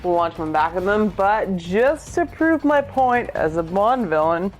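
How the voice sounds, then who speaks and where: A woman's voice: mid-range voice, lively intonation, measured pace, soft background music, natural voice. A tipsy woman voicing a smug, scheming male spy-chief villain in a joking retelling of a video game.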